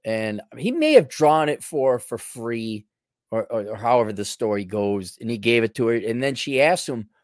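A man's voice: medium pitch, expressive, moderate pace, no echo, studio quality. A middle-aged man hosting a rambling, sarcastic monologue. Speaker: host.

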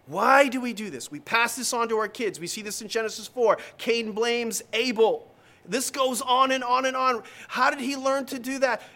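A man's voice: extremely high pitch, moderate pace, sharp tone. A middle-aged man preaching a sermon as pastor, emphatic and repeating his key lines, acting out the people he quotes.

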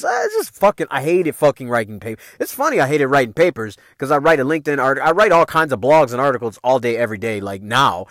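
Profane, animated man telling stories. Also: fairly high pitch, no echo, studio quality. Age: adult parent. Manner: profane, animated, loose street slang. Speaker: podcast host. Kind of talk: casual storytelling.

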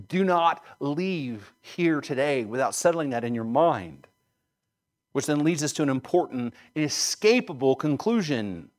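A man preaching a sermon, emphatic, building to loud stresses and then dropping low. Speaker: pastor.

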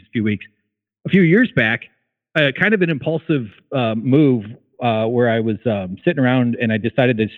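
A man chatting casually as a guest, rambling with lots of fillers and restarts, a little out of breath. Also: mid-range voice. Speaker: guest caller. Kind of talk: casual chat. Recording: tinny phone line.

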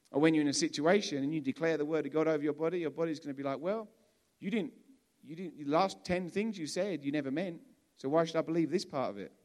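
A man from England gives a sermon in a loose, talkative manner, circling back and repeating himself as he works through a point. His voice sits a touch higher than most men's, and he speaks as if to a congregation in a church hall. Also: a little mellow. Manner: conversational, with frequent restarts and repeated words. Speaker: preacher.

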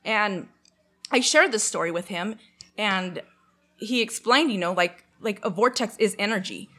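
A young woman from Canada speaks at a measured pace in a mid-range voice. Chatting casually, she works through a long personal story with animation, many fillers, and acted-out quotes.

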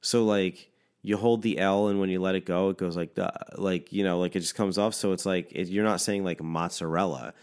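Man, very deep voice, casual profane rant, constant "like" fillers. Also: a little fast, clean tone. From Philadelphia area. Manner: animated, swears constantly, heavy "like" fillers.

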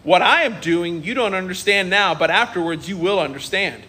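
Man doing a calm patient male teacher, lowered voice, measured, bright tone. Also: breathy edge, exaggerated voice. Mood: gentle. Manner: low, measured and gentle.

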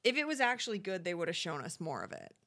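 Bright-voiced woman chatting sarcastically. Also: lowish voice, sing-song, fast talker. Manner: chatty, sarcastic, acts out quotes in squealy voices. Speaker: podcast co-host recapping a reality show. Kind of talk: casual chat.

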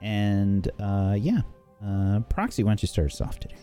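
A man hosting a tabletop role-play stream, doing shout-outs in a casual, halting way full of ums and uhs. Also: lowish voice, very animated, soft background music. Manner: halting, filler-heavy delivery. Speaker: game master and show host.

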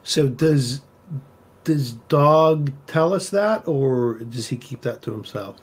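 A man's voice: mid-range voice, lively intonation, slow pace, slightly rough. A man who is a player in a tabletop role-playing game, talking in a hesitant, rambling way.

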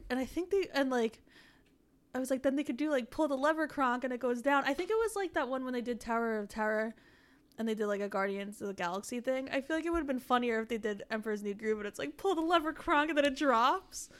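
Chatty higher-voiced young woman. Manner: chatty, quick asides and interjections. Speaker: podcast co-host. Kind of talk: casual chat recapping a show.

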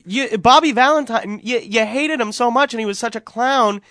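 A man's voice: very high-pitched, normal speed, a bit bright, no room sound, clean studio sound. A man with a New England accent co-hosting sports radio, talking sarcastically with joking asides. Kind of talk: casual sports talk. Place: radio studio. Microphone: studio microphone.

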